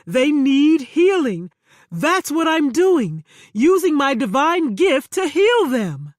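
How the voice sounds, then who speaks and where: Woman narrator doing a defensive preacher man, stammering, loud and pleading, dry close sound. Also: sits high, very animated, slow, no room sound, voice pushed up, exaggerated voice. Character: self-righteous male faith healer, defensive and pleading.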